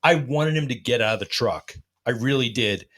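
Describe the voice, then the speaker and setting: A host tells a long, rambling anecdote in casual chat, swearing throughout and acting out what people said. His voice is medium in pitch with a fairly bright tone, and he speaks at a moderate pace.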